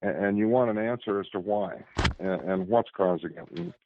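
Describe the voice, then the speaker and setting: Low voiced guy on a phone call, tinny and dry, kinda halting, repeats himself. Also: noisy background. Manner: halting, repeats words while thinking. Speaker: guest. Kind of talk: casual conversation.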